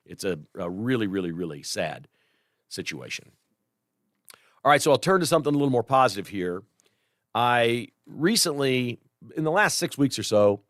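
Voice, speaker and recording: Earnest Midwestern talk radio host, dry sound. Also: male voice, fairly low pitch, no echo. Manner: earnest, conversational, animated when worked up.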